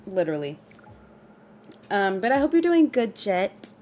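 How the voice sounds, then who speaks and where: A woman's voice: medium pitch, sing-song, measured pace, darkish tone, a little hiss or hum. A woman streaming live, chatting casually about a rap feud, reading lyrics and greeting her chat. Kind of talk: casual livestream commentary.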